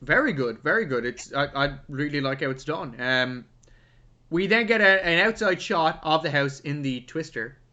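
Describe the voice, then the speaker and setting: A young man co-hosting a casual film review podcast, talking in an animated, playfully sarcastic way. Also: on the high side, moderate pace, highs cut off. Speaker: podcast co-host, film critic.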